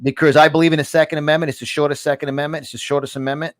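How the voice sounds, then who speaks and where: A man hosting a talk podcast, speaking excitably with many restarts and repeated words. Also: fairly high pitch, very fast, no room sound, studio quality. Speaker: podcast host. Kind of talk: casual talk show chat.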